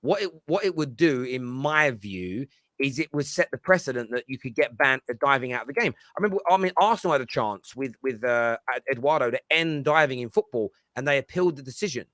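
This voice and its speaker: A man's voice: medium pitch, animated, a little fast, a bit bright, dry recording, studio quality. A man with a London accent, mixing Cockney and slang, hosting a football panel in casual chat, swearing freely and laughing at himself. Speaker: host of a football panel show.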